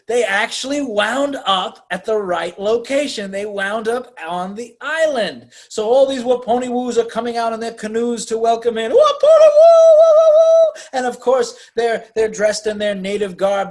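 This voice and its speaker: A man with a high voice hosts a casual movie podcast. He tells the plot with lots of energy and acts out the scenes as he goes. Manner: animated storyteller, acts out scenes. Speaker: podcast host.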